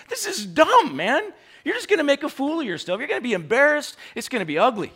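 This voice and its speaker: A man preaching a sermon in an animated way, full of mocking rhetorical questions and frequent laughter. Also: extremely high pitch, brisk, gravelly.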